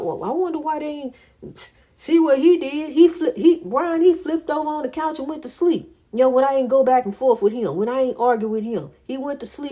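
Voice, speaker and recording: Woman, fairly high voice, casual advice monologue, repetitive, preachy, conversational. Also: a little mellow. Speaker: vlogger giving relationship advice.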